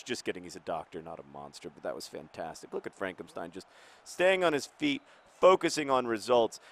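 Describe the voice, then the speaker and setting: A man's voice: fairly low pitch, animated, fairly quick, fairly bright tone, no echo. A man giving casual commentary over a football video game, playing the club's manager in a hesitant, rambling way with many fillers. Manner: earnest mock-manager tone.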